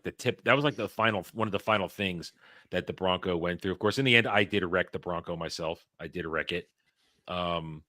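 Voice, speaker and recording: Man, podcast host, casual storytelling, profane, animated, forceful tone, dry close sound. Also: low voice, no room sound. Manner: profane, animated, frequent restarts.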